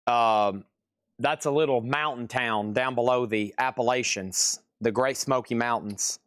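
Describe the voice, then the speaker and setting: A man of middling pitch hosts a live-stream vinyl sale, rattling off buyers' names, prices and record grades in an easy, chatty way. His voice sits close and dry, with no room sound around it. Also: unhurried, a bit bright, smooth, no echo. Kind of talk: casual live-stream auction patter. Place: record shop.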